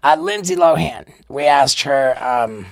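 A man's voice: medium pitch, expressive, unhurried, creaky, dry recording. Giggly, stammering man telling stories. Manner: stammering restarts, giggles through his stories. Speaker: podcast guest. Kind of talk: casual chat, storytelling.

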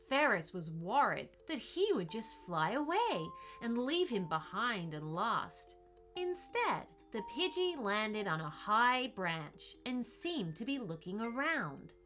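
A woman narrates a children's story in an unhurried, expressive way. Her voice is bright and fairly high, and it rises and falls with lots of life. Soft music plays faintly underneath.

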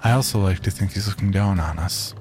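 A man voicing a grieving woman scientist, his ex-wife, in a soft, wistful way. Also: low-pitched, fast talker, music in the background, close to an everyday voice.

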